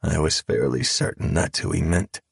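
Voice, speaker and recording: A man narrating a dark audiobook in the first person with a calm, measured drawl. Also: a bass voice, creaky, husky, no echo, clean studio sound. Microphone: close studio mic.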